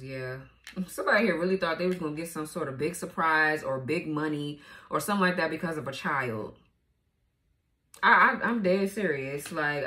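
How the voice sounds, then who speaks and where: A woman's voice: low voice, a bit bright. A woman giving a casual tarot reading, blunt and profane, laughing often as she goes. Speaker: tarot reader.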